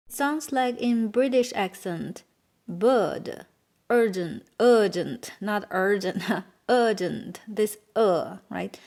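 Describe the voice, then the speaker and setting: Her pitch is fairly high and her tone darkish. She's a woman with a Chinese accent, a native Chinese speaker, teaching beginners a language lesson and slowly, patiently repeating words for them.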